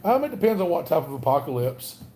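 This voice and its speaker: A man with a Southern Alabama accent talks in a loose, rambling way as he hosts a livestream chat. His voice sits a bit high for a man and has a mellow, warm tone. He keeps stopping to greet viewers by name. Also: big pitch swings, quick pace, slight background noise. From North Alabama. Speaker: livestream host.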